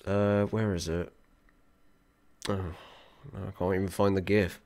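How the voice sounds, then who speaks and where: A man's voice: low voice, flat delivery, slow, darkish tone. Wry man hosting a game stream. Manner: grumbling, wry, chatty. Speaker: streamer host. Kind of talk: casual gaming stream chat.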